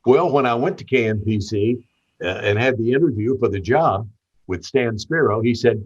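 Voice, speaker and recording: Older man, Southern US accent, husky, radio veteran, rambling storyteller, dull lo-fi sound. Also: medium pitch, normal speed. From Tennessee. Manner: warm anecdotal storyteller with repeated restarts. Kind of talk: storytelling interview.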